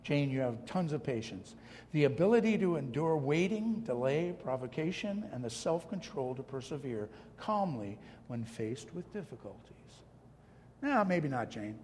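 A man's voice: a little high, animated, normal speed, darkish tone, slight background noise. Passionate preaching man in a reverberant hall. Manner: passionate, emphatic preaching with self-deprecating asides. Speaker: pastor. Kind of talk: sermon.

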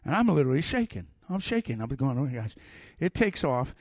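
Middle-aged guy preaching, lively storyteller, kinda high voice, dry sound. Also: a little fast, no echo. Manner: animated storyteller, swings from loud to soft. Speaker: pastor. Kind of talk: sermon with personal stories.

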